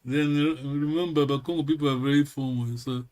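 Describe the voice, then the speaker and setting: A man teaching a language class in a halting way, repeating words and checking in with "yes?" again and again. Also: fairly high pitch, steady tone, darkish tone.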